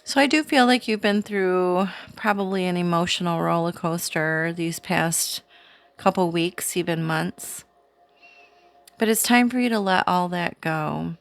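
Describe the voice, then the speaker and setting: A woman hosting her own channel, giving a casual, chatty spiritual card reading to camera in a slow, soothing way. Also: on the low side, vocal fry. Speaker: tarot reader, channel host.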